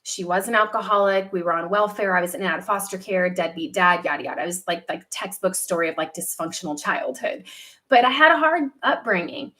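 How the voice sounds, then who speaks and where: A woman in her thirties hosting a casual livestream from home, telling a personal story candidly, with lively quoted asides. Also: fairly low pitch, brisk. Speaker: livestream host.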